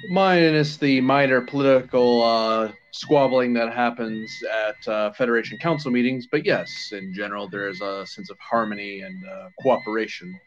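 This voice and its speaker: A man's voice: mid-range voice, normal speed, few pauses, slight background noise. Male player, muffled captain role. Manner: careful, formal answers broken by uhs. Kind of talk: tabletop role-play.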